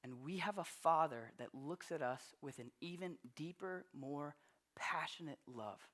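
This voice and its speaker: A man's voice: fairly high pitch, measured pace, a bit bright. Pastor, man in his 30s from Long Island, casual storytelling sermon, often restarts his sentences. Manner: conversational, storytelling, frequent restarts.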